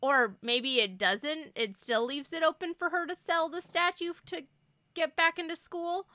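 A woman co-hosting a casual podcast chat about a TV show, animated and acting out lines from it. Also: sits high, a little slow, dry recording. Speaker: podcast co-host.

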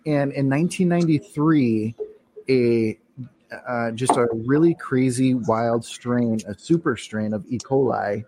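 A man's voice: medium pitch, measured pace. A man co-hosting a podcast in casual conversation, his voice sitting in an ordinary middle register. He wanders through his points with frequent fillers and restarts. A faint noise floor sits under the recording. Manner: rambling, many fillers and restarts. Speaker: podcast co-host. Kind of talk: casual chat.

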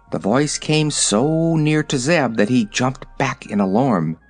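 Lively male audiobook narrator. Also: mid-range voice. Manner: lively storytelling delivery. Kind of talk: scripted narration.

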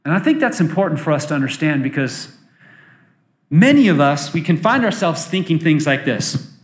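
Animated preacher in an echoey hall. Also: male voice, a little high, normal speed. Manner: animated storytelling preacher, acting out voices. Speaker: pastor. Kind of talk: sermon. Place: church.

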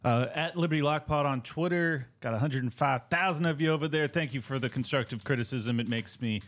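Fast-talking male co-host, wry and brisk, mid-range pitch. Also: a bit bright. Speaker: podcast co-host. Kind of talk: quick podcast outro.

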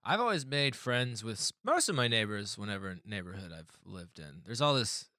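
A man with a bright, forward voice chatting casually on a podcast. He swears freely and laughs his way through long stories. The sound is close and dry. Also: fairly low pitch, very animated, normal speed, no echo.

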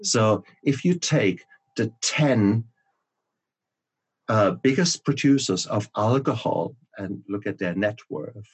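A man with a very deep, husky voice talks as a podcast guest. He is emphatic and keeps restarting his sentences as he makes his points. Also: expressive, slow. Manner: emphatic, with frequent restarts and repetitions. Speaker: author and guest. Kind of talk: podcast conversation.

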